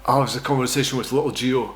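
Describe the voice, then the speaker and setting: A Scottish vlogger in his thirties talks fast in a mid-range voice with fairly even intonation, and there's a little hiss or hum on the audio. Telling a personal story, he rambles, swears, pokes fun at himself, and leans on "right?".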